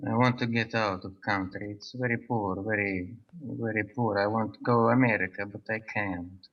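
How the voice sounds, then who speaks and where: A man playing a caller who pleads for help to leave his poor country, speaking halting broken English. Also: lowish voice, steady tone, close to an everyday voice. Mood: pleading. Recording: dull lo-fi call audio.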